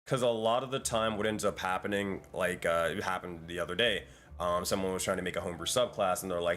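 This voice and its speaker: A man with a lowish voice runs a casual online meeting, thinking aloud and rambling through ideas with plenty of ums. He sounds like he is on a headset over a voice call, with faint music in the background. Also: fast talker, a bit bright. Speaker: community project lead and dungeon master.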